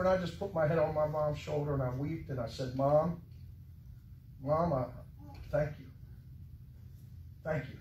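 A man preaching a sermon, telling a personal story with emotion, his voice dropping soft and rising again. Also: high voice, reverberant, far from the mic, slight background noise, poor audio. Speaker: pastor. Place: church sanctuary.

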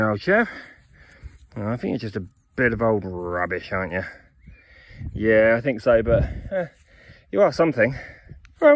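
A man giving a casual running commentary while metal detecting in a ploughed field, chatting to his finds and to his viewers as friends. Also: on the high side.

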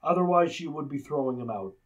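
A man's voice: fairly high pitch, lively intonation, fast, muffled recording. A man co-hosting a podcast, trading dry jokes and arguing points about a horror movie. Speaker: podcast co-host. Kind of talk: casual movie-review banter.

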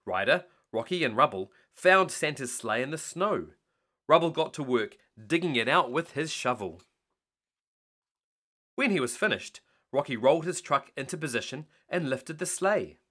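A man reading a bedtime story aloud in an animated way. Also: a little high, moderate pace.

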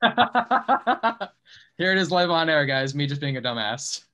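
A man hosting a podcast in casual chat, loud and argumentative, swearing freely and mocking himself. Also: on the high side, moderate pace, clear, resonant tone, highs cut off. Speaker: podcast host.

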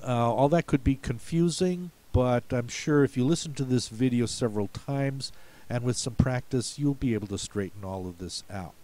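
A man's voice: mid-range voice, moderate pace, mellow. A man from the United States patiently explaining word pronunciations for a spelling lesson, in a folksy, step-by-step way. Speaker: spelling bee coach.

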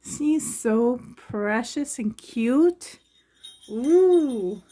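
Slow, gushing woman unboxing dolls. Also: fairly high pitch, lively intonation, dark tone. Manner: gushing, breathy and delighted. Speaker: reborn doll collector. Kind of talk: unboxing vlog.

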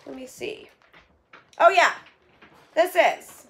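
A woman vlogger opening donation boxes and chatting to her viewers in a gushing, excitable way. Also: sits high, slow pace. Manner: gushing and excitable, repeats "oh my gosh" and "holy cow". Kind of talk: casual chat to viewers.

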